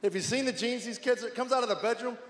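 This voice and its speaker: A man's voice: very high voice, quick pace, a bit bright, a little hiss or hum. A middle-aged man doing stand-up comedy, telling exasperated stories about his teenage son in a wry, storytelling manner. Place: large theater stage with live audience. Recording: echoey hall, audience laughter.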